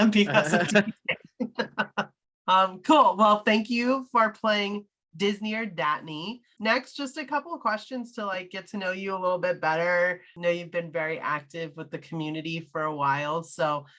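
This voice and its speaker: A woman from Wisconsin hosting a casual podcast interview, asking upbeat, quick questions. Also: medium pitch, fairly bright tone. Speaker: podcast host.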